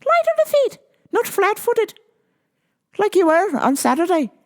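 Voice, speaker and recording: Brief: rowdy Irish-accented fight fan, pitched high and loud, put on by a woman. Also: big pitch swings, measured pace, exaggerated voice. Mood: fired up. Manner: loud, hyped, repeating itself.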